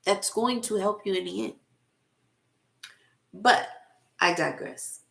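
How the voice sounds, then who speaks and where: A middle-aged woman, a motivational speaker and spiritual life coach, giving a casual spiritual talk to camera, slow and emphatic, repeating phrases for effect. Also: mid-range voice, gravelly, a bit bright.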